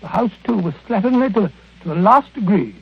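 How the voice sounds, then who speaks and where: An earnest, flustered middle-aged doctor companion in a 1940s radio play. His voice sits high and gravelly with a husky edge, and he trips over his words as he recounts events. It comes through a thin, crackly, phone-like old broadcast. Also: expressive, a little fast, exaggerated voice. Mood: recounting. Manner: hesitant, stumbling repeats while telling a story.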